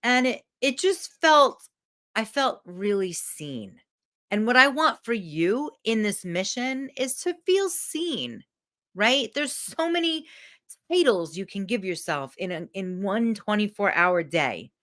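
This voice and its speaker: A woman's voice: mid-range voice, slow pace. A woman coach giving a candid, emotional motivational talk to camera, swearing freely. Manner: animated.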